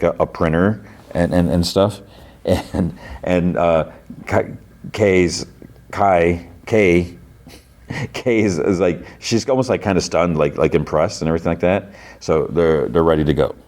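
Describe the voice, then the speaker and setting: A man's voice: low-pitched, a little mellow. A man hosting a podcast, casually recapping a show's plot in a rambling way, full of "like" and restarts. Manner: rambling retelling peppered with "like". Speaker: podcast host.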